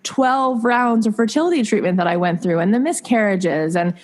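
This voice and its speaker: A woman in her thirties speaks as a podcast guest, earnest and confiding. She talks in a loose, chatty way, full of likes and restarts, at a middle pitch. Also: expressive, normal speed. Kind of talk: candid conversational storytelling.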